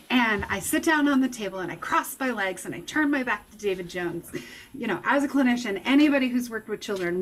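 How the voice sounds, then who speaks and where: A woman giving a lecture, telling a personal story in an emotional, animated way. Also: medium pitch, slight background noise, low-quality recording. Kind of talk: personal testimony talk.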